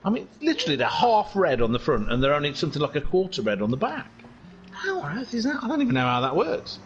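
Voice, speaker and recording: A man's voice: on the high side, wildly swooping pitch, fast, dull audio, a little hiss or hum. A man in a put-on North Welsh accent commentating a live sim race, joking and rambling into asides.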